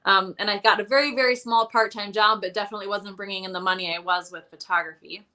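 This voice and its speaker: Bright-voiced woman telling her debt story. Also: mid-range voice, steady tone, fast talker. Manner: candid, self-deprecating storytelling with many fillers. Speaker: guest. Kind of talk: casual interview chat.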